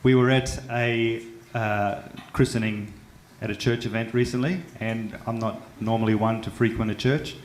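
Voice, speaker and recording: A man's voice: lowish voice, fairly even intonation, normal speed, hardly any pauses. Australian man doing stand-up in a roomy club. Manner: chatty, self-mocking, with frequent stumbles and fillers. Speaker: stand-up comedian. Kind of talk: stand-up comedy set. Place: comedy club stage. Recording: roomy club sound with faint background noise.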